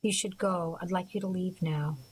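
A woman reading the lines of a heartbroken, bitter young man in an audiobook, speaking quietly and half-whispered. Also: lowish voice, fairly even intonation, normal speed, slight background noise, close to an everyday voice, poor audio. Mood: hurt.

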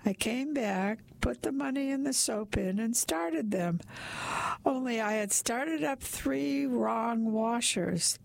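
A woman narrating a story aloud in a wry, deadpan manner. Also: mid-range voice, vocal fry, dry recording. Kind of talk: storytelling reading.

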